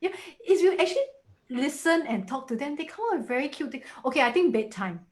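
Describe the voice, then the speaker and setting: A woman's voice: high voice, expressive, fairly quick, a little mellow. A woman in her forties with a Singaporean English accent, talking casually and animatedly as a guest in a webinar, often acting out quoted voices.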